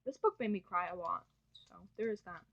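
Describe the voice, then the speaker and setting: A woman's voice: fairly low pitch, expressive, brisk, fairly bright tone. A young woman chatting through a casual book review, gushing and often breaking off to correct herself. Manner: gushing, chatty, self-interrupting. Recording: dull lo-fi home recording.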